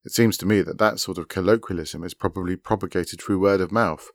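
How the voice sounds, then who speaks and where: Low-voiced man narrating his own story. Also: fairly even intonation, fairly quick, no echo, studio quality. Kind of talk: scripted first-person narration.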